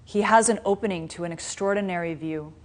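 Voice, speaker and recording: Woman teacher, lowish voice, casual animated storyteller, live dharma class. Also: brisk. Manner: conversational, animated storytelling with restarts. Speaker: spiritual teacher. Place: class in a meditation center.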